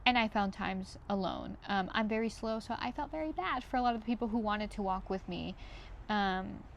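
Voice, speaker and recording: A woman's voice: medium pitch, moderate pace, vocal fry, a little hiss or hum. A young woman reflecting in a personal vlog, chatty and full of fillers, sometimes close to tears. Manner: emotional, near tears at times, with soft laughs. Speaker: vlogger.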